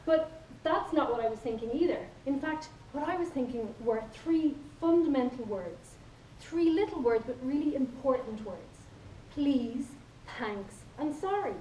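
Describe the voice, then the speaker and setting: A woman with an Irish accent gives a humorous contest speech full of playful stories, acting out quoted lines. Her voice is fairly high and mellow. She's recorded from far off in an echoey hall, with slight background noise.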